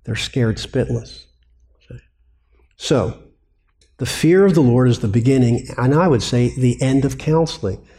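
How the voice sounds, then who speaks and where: A man preaches to a room of counselors in a warm, mellow voice. He is animated and keeps throwing out rhetorical questions that he answers himself. His pitch sits in a plain middle range for a man. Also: measured pace, pauses often. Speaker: preacher and biblical counseling teacher. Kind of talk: sermon.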